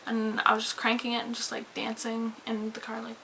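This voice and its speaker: Woman vlogger, bright higher voice, animated profane storytime rant, faint hiss. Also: brisk, low-quality recording. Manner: animated, swearing, rambling with many "like"s. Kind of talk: casual storytime rant to camera.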